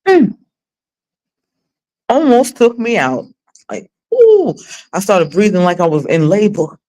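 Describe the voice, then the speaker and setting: Animated, blunt woman host chatting. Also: mid-range voice, measured pace, poor audio. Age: 40s. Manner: blunt, profane and dramatic storytelling. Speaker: livestream host. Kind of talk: casual livestream chat.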